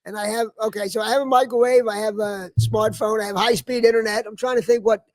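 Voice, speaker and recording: A man's voice: high-pitched, fairly even intonation, fast. A man in his sixties chatting as a podcast guest, self-deprecating and rambling, with frequent restarts. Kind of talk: casual chat.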